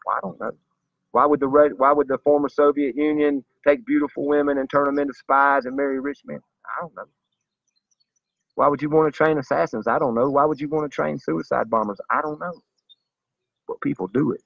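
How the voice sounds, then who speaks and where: A man's voice: a little high, fairly even intonation, brisk, creaky, no room sound. A man delivering a zealous, preachy monologue straight to his viewers in a slightly dull lo-fi recording. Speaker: vlogger. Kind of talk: earnest direct-to-camera monologue.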